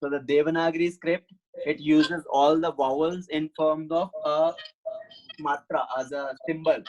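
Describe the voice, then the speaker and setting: A man's voice: a little high, fairly even intonation, measured pace, a little mellow, muffled recording. A man teaching a Sanskrit class online, patiently explaining step by step and answering questions.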